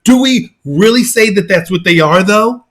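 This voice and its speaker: High, sharp-voiced man ranting. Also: expressive, normal speed. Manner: mocking, emphatic, bursts into shouting. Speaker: channel host. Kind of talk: ranting reaction commentary.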